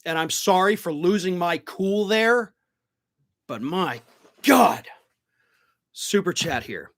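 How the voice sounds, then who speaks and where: A man's voice: sits high, very animated, a little slow, fairly bright tone. A middle-aged man hosting a live political stream, reading viewer comments and answering them bluntly, swearing when he gets worked up.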